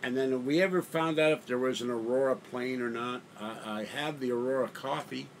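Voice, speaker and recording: A man's voice: mid-range voice, a little fast. An older man vlogging from home in a meandering, self-interrupting way, sounding fatigued. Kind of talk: rambling casual monologue. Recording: faint background noise.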